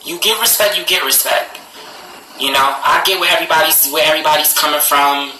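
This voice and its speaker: A man's voice: on the high side, steady tone, brisk, sharp tone, slight background noise. A man talking casually to live-stream viewers, blunt and profane, his voice jumping up when he gets indignant. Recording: roomy echo.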